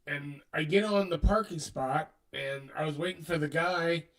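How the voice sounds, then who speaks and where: A man's voice: on the high side, moderate pace, a bit bright, recorded from a distance, low-quality recording. A man co-hosting a show, telling a long story in casual chat and acting out what people said. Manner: rambling, retells dialogue. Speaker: co-host.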